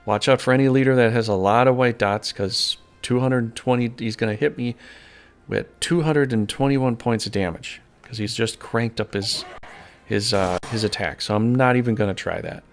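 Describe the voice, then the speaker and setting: A man's voice: mid-range voice, moderate pace. A man giving casual, rambling strategy commentary over a game, folksy and prone to correcting himself mid-thought. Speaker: gameplay commentator. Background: faint game music.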